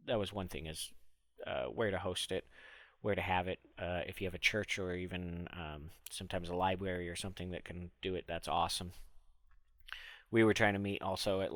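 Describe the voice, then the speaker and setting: A man streaming a relaxed, rambling talk, retelling a story and musing, with many fillers and restarts. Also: low voice, dry recording.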